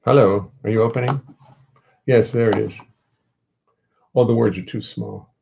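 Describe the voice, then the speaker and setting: Gravelly man rambling between songs. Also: mid-range voice, steady tone, highs cut off. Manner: rambling, self-deprecating, halting. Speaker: jazz bassist and singer. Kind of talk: casual chat between songs on a livestream.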